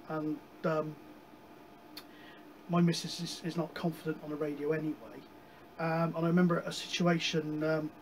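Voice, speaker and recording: A man casually chatting about his radio hobby, rambling with many pauses and digressions. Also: on the high side, a little hiss or hum, low-quality recording. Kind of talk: casual chat.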